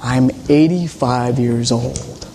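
A gentle, joyful old hospital chaplain in his eighties, quoted by a preacher in his sermon. He speaks softly and warmly about the joy of the music. The tone stays calm and content throughout. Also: mid-range voice, slow, slight background noise.

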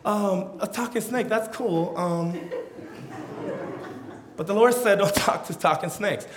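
A man voicing Eve, a hesitant, curious young woman who talks haltingly. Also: high-pitched, reverberant, a crowd in the background.

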